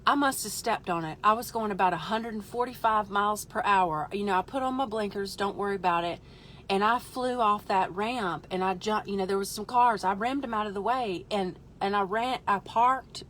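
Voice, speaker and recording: Animated storytelling woman. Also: mid-range voice, a little fast, a little hiss or hum. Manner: animated, exaggerated storytelling with voiced asides. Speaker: livestream host. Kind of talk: comic storytelling on a live stream.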